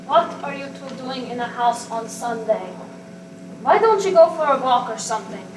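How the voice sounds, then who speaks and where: A woman playing a stern old grandmother speaking from a school stage in a high, clipped voice that carries cold, unbending authority. The recording is distant and echoey, with a steady hiss running beneath it. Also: normal speed, lightly acted. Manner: curt, clipped and unyielding. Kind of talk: amateur stage acting.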